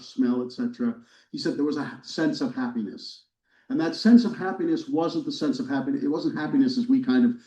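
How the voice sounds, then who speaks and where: Act as a mellow-voiced man lecturing in a roomy hall. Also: medium pitch. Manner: conversational and wry, with fillers and restarts. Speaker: history professor giving a talk. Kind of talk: relaxed lecture to a church audience. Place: church hall, recorded live. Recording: roomy, distant, dull lecture recording.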